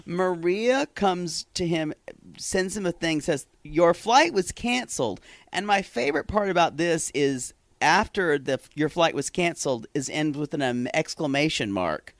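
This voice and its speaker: Man, podcast co-host, gossipy chat, fairly high voice, dry close sound. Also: normal speed, no echo. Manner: gossipy, animated, laughs often, says y'all. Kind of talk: casual recap chat.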